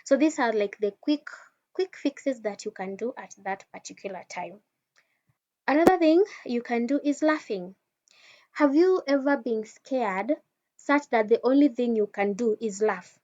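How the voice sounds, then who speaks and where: A woman's voice: a little high, expressive, a little slow, mellow. A woman giving an informal wellness teaching talk, speaking straight to the listener in a conversational way with frequent restarts. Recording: dull lo-fi sound.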